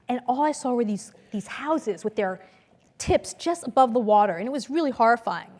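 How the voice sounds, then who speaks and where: A woman lecturer giving a conference talk to an audience, storytelling in a lively way and acting out the voices she quotes. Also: fairly high pitch. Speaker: business school lecturer. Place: lecture hall.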